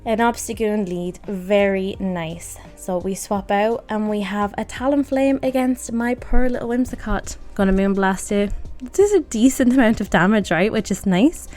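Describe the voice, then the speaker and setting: A woman's voice: medium pitch, moderate pace, darkish tone. A woman giving casual, self-mocking commentary over her own gameplay, laughing often at her mistakes. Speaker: gaming video creator. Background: background music.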